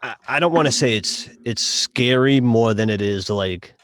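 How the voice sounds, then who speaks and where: A man with a Boston accent co-hosting a casual podcast chat, halting and full of fillers as he sums up a game. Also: medium pitch, fairly bright tone. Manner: halting, many fillers and restarts. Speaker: podcast co-host reviewing a game.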